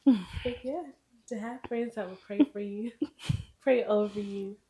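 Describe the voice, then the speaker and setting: A woman co-hosting a podcast in casual chat, affirming and quick to agree. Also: medium pitch, dark tone. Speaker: podcast co-host.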